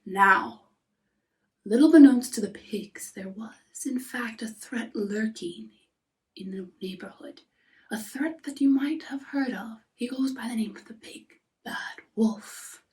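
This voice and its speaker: A woman narrating a fairy tale softly, often dropping into a whisper. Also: on the high side, recorded from a distance. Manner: soft, often whispering, unhurried. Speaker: storyteller. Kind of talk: storybook narration.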